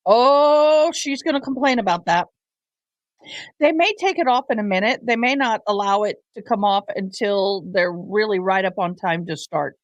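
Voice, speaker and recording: A woman's voice: mid-range voice, normal speed, no room sound, lo-fi sound. A woman hosting a casual live commentary stream, chatty and teasing as she talks to her viewers. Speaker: livestream host.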